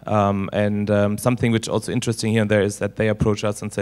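A man speaking as a panelist on lending, halting often with "uh" and "um". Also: on the low side, little pitch movement, a little mellow. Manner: halting, many "uh" and "um". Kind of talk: panel discussion.

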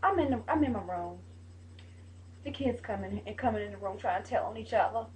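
A woman's voice: medium pitch, animated, a little fast, heavy background noise. A woman who is a mother, hosting a vlog and telling viewers a family story in a chatty, emphatic, scolding way.

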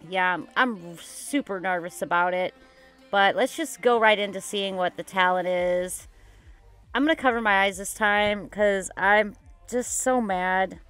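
A woman vlogging her gameplay casually, excitable and dramatic, rambling with lots of "like". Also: mid-range voice, clear, resonant tone. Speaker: gaming YouTuber. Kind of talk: casual game commentary vlog.

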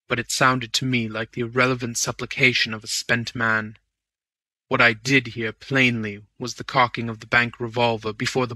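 A man giving deliberate first-person audiobook narration. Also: medium pitch, pushed and bright, no room sound. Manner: measured, deliberate storytelling.

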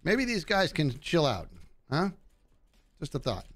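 A man's voice: fairly high pitch, unhurried. A man live-streaming a video game, chatting casually and joking at the enemies on screen as he plays. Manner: animated, jokey, talks to game enemies. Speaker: gaming streamer.

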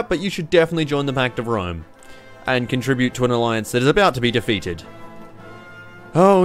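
Animated, sarcastic Australian gamer. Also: male voice, fairly high pitch. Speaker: gaming YouTuber. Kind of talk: game commentary.

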